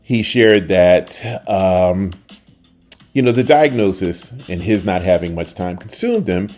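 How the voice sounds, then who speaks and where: Deep-voiced older man telling a story. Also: a little slow, soft background music. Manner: animated, acts out quoted voices, trails off at the end. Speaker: podcast host. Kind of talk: casual storytelling.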